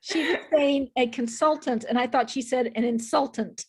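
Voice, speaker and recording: A woman's voice: high voice, fairly even intonation, normal speed, husky. An older woman, a guest on a podcast, chatting casually with dry, playful wit. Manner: dry, witty, playful quips. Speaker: guest, mother of a comedian.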